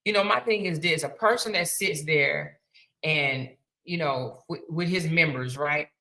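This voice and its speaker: A woman hosting a live stream, reading out viewer super chats, excitable, chanting and shouting thanks, swearing casually and laughing often. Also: low-pitched, unhurried, low-quality recording. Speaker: livestream host.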